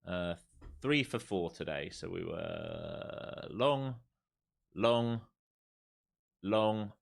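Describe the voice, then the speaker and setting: A man hosts a live trading stream with a fairly low voice, calling out price levels as he goes. He repeats himself often and mixes urging commands with offhand jokes. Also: gravelly, a bit bright. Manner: jokey, repetitive, urging. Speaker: live stream host and trader.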